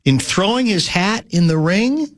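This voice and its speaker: A man's voice: high voice, expressive, measured pace. A male radio host running the show, joking and asking his guest questions. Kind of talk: casual radio sports talk.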